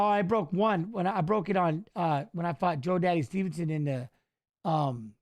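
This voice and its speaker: A man's voice: fairly high pitch, darkish tone. A middle-aged man, a former fighter, telling loose, rambling stories with frequent restarts during a casual watch-along of a fight. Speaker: former fighter and guest commentator.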